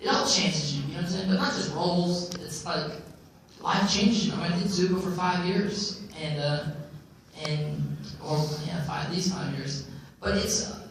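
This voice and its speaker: A man talks through audience questions at a convention panel, circling back on his points with plenty of "you know"s. His voice sits a little high for a man and carries a big hall echo. He sounds set back from the mic. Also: normal speed, vocal fry. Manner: animated, reflective, repeats words and uses "you know". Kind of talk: live panel talk answering questions. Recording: echoey hall from far off, faint noise.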